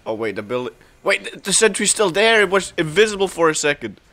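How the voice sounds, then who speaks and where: A young man giving casual, excitable commentary while playing a game, laughing often and calling out to the other players. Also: sits high, fairly quick, few pauses. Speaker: gameplay commentator.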